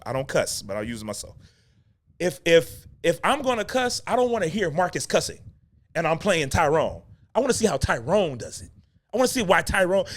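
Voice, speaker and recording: A middle-aged man hosting a talk show for actors, ranting with emphatic repeats and casual slang. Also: on the high side. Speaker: acting coach and podcast host. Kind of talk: unscripted talk-show rant.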